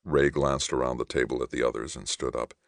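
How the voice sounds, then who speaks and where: A man narrating a science fiction novel aloud in an even, unhurried reading. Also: a bass voice, vocal fry, no room sound, studio quality. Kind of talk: scripted audiobook narration.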